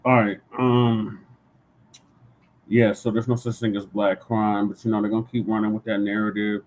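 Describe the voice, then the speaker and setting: Low-voiced man hosting a talk show. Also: little pitch movement, normal speed, a little mellow, low-quality recording. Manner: loose, conversational, with filler words. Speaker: show host. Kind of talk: casual commentary.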